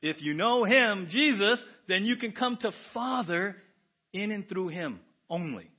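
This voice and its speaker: Animated preaching man, high-ish voice. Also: unhurried, husky, lo-fi sound. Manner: animated, swings from hushed asides to loud exclamations. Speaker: pastor. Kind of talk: sermon. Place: church sanctuary.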